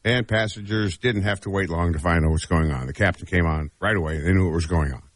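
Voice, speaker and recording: A man's voice: sits low, fast talker, no echo, studio quality. A man co-hosting a talk show who chats casually, hesitates often and reads news stories aloud. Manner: rambling, hesitant with many uh fillers. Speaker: radio show co-host.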